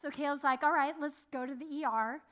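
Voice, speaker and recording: A young woman with a high, bright voice preaches to her congregation. She tells stories in an animated way, acting out what happened. Her voice is sharp and clear, and the room is a church sanctuary. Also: brisk. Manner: animated storytelling, acting out a locked jaw. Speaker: pastor. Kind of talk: sermon.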